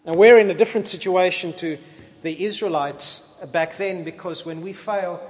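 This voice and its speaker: Man, pastor's sermon, playful storytelling, high-pitched, long hall reverb. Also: normal speed. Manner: lively, acts out biblical dialogue in casual voices.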